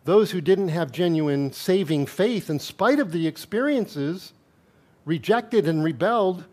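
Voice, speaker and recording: A man's voice: sits high, lively intonation, a little slow, darkish tone. A male pastor preaching a sermon in a conversational way, reading scripture aloud with asides and light chuckles.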